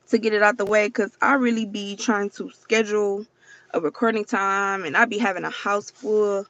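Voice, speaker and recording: A woman's voice: a little high, fairly bright tone, highs cut off. A woman hosting a casual livestream, chatty and profane, who keeps talking straight to her viewers. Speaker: livestream host.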